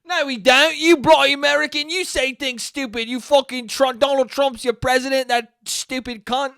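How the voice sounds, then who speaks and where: A man voicing an angry, mocking British man who rants loudly and scornfully. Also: extremely high pitch, steady tone, normal speed, creaky, dry recording, studio quality, pitched above the performer's own voice, full character voice. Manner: loud, scornful ranting.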